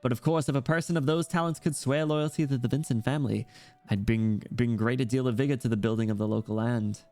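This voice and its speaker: A man's voice: mid-range voice, steady tone, quick pace, a little mellow, natural voice. A man voicing a pompous older noble uncle in a game story, reading it in a mock-British manner over faint music. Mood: stately.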